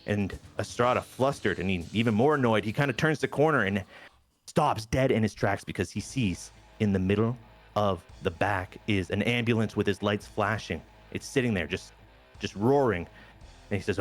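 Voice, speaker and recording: A man with a fairly low voice tells the story of a wrestling game session like a lively storyteller. He jumps into little voices for the wrestlers as he goes, and faint music plays underneath. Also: moderate pace. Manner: animated storyteller, briefly acting out wrestlers' lines. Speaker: game show host narrating a wrestling sim. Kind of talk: casual narrated commentary.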